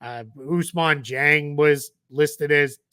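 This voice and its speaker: Guy in his 40s rambling about hoops, bright voice, dry close sound. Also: fairly high pitch, steady tone, takes it slowly, clean tone, no room sound. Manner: chatty, rambling, jokey. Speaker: podcast co-host. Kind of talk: casual sports chat.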